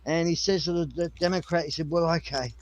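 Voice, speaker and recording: A man's voice: fairly high pitch, steady tone, quick pace. A man telling a long joke in a rambling way, with many restarts.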